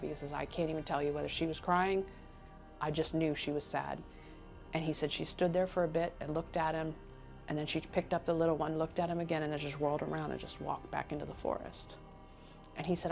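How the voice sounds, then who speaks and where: Woman retelling a story, low-pitched. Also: vocal fry. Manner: animated retelling, voices others' quoted words. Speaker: interviewee retelling a witness account. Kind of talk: casual storytelling.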